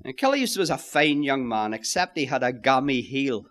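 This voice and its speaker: A man's voice: medium pitch, expressive, moderate pace, a bit bright. A man preaching a sermon, emphatic, repeating key phrases and addressing listeners as friends.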